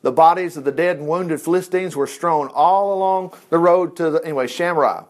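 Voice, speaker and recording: A man's voice: a little high, normal speed. A man teaching a Bible story in a folksy, chatty way, with asides and self-corrections. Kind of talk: casual Bible-study teaching.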